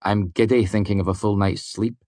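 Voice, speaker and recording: A deep-voiced reader doing a young man with a wry, measured way of speaking, only slightly raised from the reader's low voice. Dry, close recording. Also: flat delivery, darkish tone, no echo, lightly acted. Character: wry, solemn young male student. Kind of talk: audiobook character voice.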